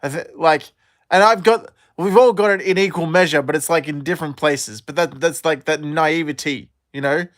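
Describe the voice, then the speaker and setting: A man's voice: on the high side, normal speed, no echo, clean studio sound. A man in his thirties talking in a rambling, profane solo monologue full of fillers and restarts. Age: 30s.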